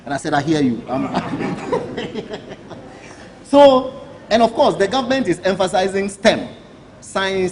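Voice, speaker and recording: A man's voice: fairly high pitch, darkish tone, a little hiss or hum, low-quality recording. A man with a Ghanaian accent, a government minister giving an emphatic press briefing speech full of rhetorical questions. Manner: emphatic, rhetorical questions, chuckles while telling anecdotes.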